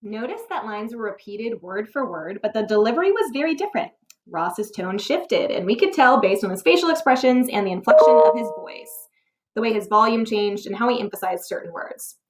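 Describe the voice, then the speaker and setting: A woman teacher reading a scripted lesson, explaining clearly and posing rhetorical questions. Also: on the high side, lively intonation, a little fast. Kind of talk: scripted narration for a test-prep lesson.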